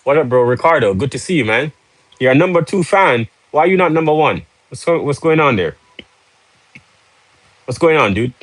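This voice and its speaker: A man's voice: fairly high pitch, expressive, normal speed, long pauses, no echo, rough recording. A man hosting a live stream, casual and pushy, urging viewers with rhetorical questions and joking with the chat. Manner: salesy, pushy, laughs easily. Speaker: livestream host.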